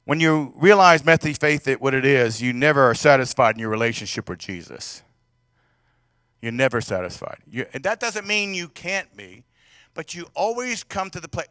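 A male pastor preaching a sermon in a conversational way, asking the congregation questions and swinging between loud and soft passages. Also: mid-range voice, expressive, normal speed, no echo, studio quality.

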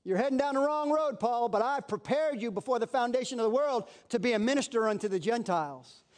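A man preaching a sermon in a lively way, acting out little scenes in quoted voices. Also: very high voice, fairly quick. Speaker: pastor.

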